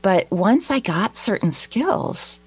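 A middle-aged woman speaking as a guest in a casual discussion, candid and animated. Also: mid-range voice, slow, husky.

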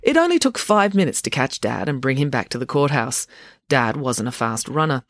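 A lively host reading a children's book aloud, moving through the narration with relish and then chatting straight to young listeners. The voice sits at a middle pitch. The recording is close and dry with no room sound. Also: moderate pace, no echo. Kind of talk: storybook narration.

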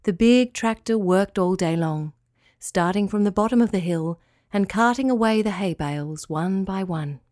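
A woman reading a children's story aloud, in a calm, clear and expressive way. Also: mid-range voice, moderate pace, no room sound, studio quality.

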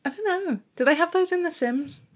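Wry woman trading quick comebacks. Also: sits high. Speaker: podcast co-host. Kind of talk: casual chat.

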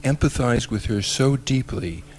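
A man guest expert explaining tantra in earnest, halting speech with many fillers. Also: mid-range voice, expressive, darkish tone, a little hiss or hum.

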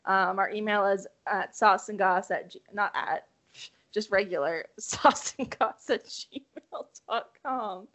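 A woman's voice: medium pitch, slow pace, fairly bright tone. A young woman co-hosting a podcast in casual chat, giggly and playful. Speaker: podcast co-host.

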